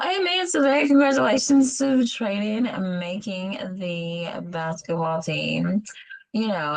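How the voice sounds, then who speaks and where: A woman's voice: fairly low pitch, poor audio. A woman in her thirties who has lost her voice, chatting as a podcast co-host with churchy exclamations. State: hoarse, lost voice. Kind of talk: casual chat.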